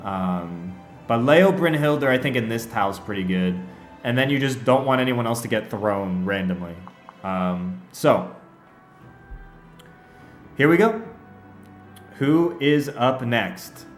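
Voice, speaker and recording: Lively, chatty male streamer in an echoey room. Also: medium pitch, slow, pauses often. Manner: chatty, laughs often, talks straight to his chat. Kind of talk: casual livestream chat and game commentary. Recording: echoey room with faint music.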